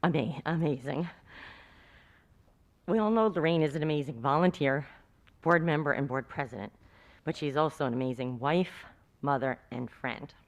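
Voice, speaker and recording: Woman, low voice, earnest admiring tribute, read from notes, board meeting. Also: normal speed, long pauses. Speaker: town indoor events coordinator. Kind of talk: reading a prepared tribute speech. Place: school board meeting room.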